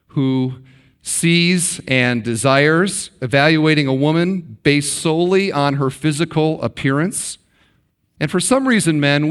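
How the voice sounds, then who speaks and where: A middle-aged pastor with a fairly high voice, preaching to his congregation. He talks conversationally, drops into hushed dramatic pauses, and acts out the quotes he reads. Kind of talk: sermon.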